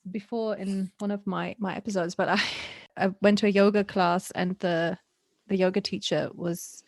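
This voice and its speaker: A British woman hosting a casual interview podcast, telling stories in a lively way and laughing often. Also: mid-range voice, moderate pace, vocal fry, no room sound, studio quality. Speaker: podcast host.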